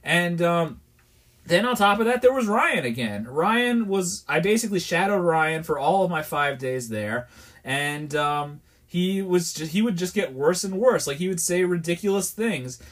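A man's voice: high-pitched, expressive, a little slow, fairly bright tone. A man from New York, hosting a podcast and telling a rambling, exasperated story in a candid, casual way. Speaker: podcast host.

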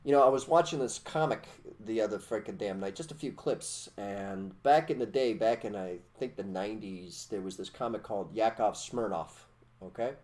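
A man's voice: fairly low pitch, normal speed, darkish tone. A man co-hosting a talk show, ranting crudely about politics and heavy with profanity. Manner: profane, ranting, mocking quoted voices. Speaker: podcast co-host.

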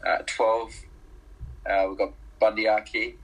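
A young man from Zimbabwe talks rugby as an interview guest, relaxed and full of ums and little laughs. His voice sits a bit low, husky yet bright and forward. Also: unhurried, poor audio. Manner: relaxed, hesitant with many ums, laughs easily. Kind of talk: casual interview chat. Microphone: call.

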